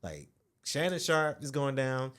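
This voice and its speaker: A woman in her late twenties, co-hosting a podcast in casual chat and chiming in with quick agreements and laughs. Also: a bass voice, sing-song, a bit bright, clear, resonant tone. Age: 20s. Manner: laughs often, chimes in with short agreements. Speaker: podcast co-host.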